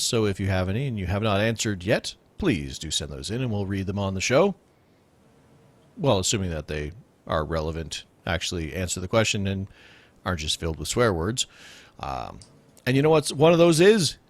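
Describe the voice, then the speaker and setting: A man's voice: lowish voice, very animated, moderate pace. A man hosting a casual radio show, joking and laughing often with rambling asides. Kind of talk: casual comedic podcast chat.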